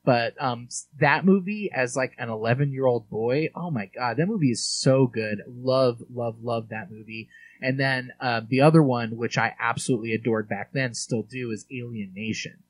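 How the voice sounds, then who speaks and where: A man's voice: mid-range voice, normal speed. A man in his forties, co-hosting a podcast, chatting casually and enthusiastically about movies, with many fillers. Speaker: podcast co-host.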